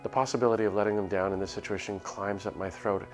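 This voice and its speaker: A man's voice: on the low side, steady tone, fast talker, faint music behind. A man streaming himself reading a visual novel aloud, narrating in first person with a nervous, earnest delivery and small self-corrections. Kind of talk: dramatic first-person reading of a game script.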